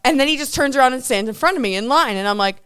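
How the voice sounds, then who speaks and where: A woman in her thirties, a radio and podcast co-host, chats casually on a talk show in a studio, telling stories animatedly and acting out voices. Her high, expressive voice is rapid-fire, a bit bright and clean, with no echo and studio quality.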